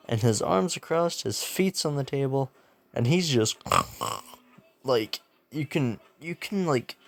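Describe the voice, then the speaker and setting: A young man casually telling a fan-made story, rambling and slangy, laughing at his own jokes. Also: medium pitch.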